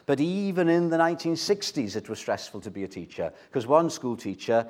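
A man's voice: medium pitch, lively intonation, brisk. An older man preaching an evening sermon, stressing points by repeating phrases and putting questions to the congregation. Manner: emphatic, repeats key phrases for weight; direct, asks the congregation questions.

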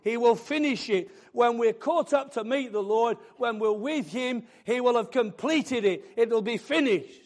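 Man, preacher, sermon, fervent, emphatic, high voice. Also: measured pace, hardly any pauses. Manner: fervent, rising to loud declarations.

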